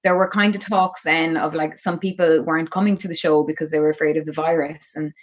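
A woman's voice: deep voice, steady tone, fairly quick. An Irish woman, a musician guest on an interview podcast, telling her story in a rambling, chatty way. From Ireland. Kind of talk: casual interview chat.

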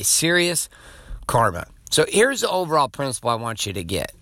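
A man's voice: mid-range voice, big pitch swings, fairly quick, bright, forceful tone, dry recording. A male podcast host giving a blunt, profane, emphatic motivational monologue.

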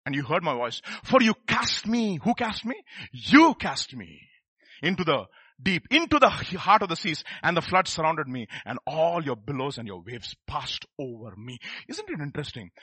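Animated high-voiced preacher. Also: male voice, normal speed, breathy edge, no room sound. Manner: emphatic, quizzes the congregation with rhetorical questions. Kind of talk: sermon.

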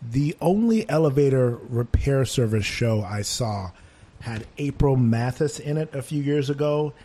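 A man's voice: mid-range voice, unhurried. Male reviewer, mid-range voice, conversational and opinionated. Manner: animated, mimics voices when quoting. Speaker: theater reviewer.

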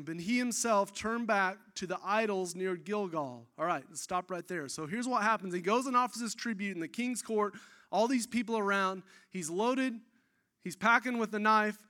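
A man preaching a sermon, telling a scripture story in an animated, excitable way with casual asides. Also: sits high, normal speed.

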